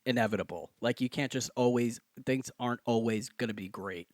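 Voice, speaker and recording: A young man co-hosting a podcast in easy, jokey chat, breaking into excited bursts. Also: medium pitch, a little fast, dry recording, studio quality. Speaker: podcast co-host. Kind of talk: casual chat.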